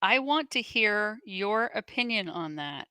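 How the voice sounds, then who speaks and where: Woman, co-host, reads comments aloud, steady, smooth voice, dry close sound. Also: medium pitch, unhurried, no echo. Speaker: co-host reading out viewer comments. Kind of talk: reading questions aloud.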